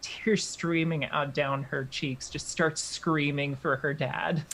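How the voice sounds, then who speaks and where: A woman's voice: low-pitched, fairly even intonation, slow pace, fairly bright tone, slight background noise. A woman player describing her character's actions in a tabletop game, hesitant and full of fillers. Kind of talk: casual role-play chat.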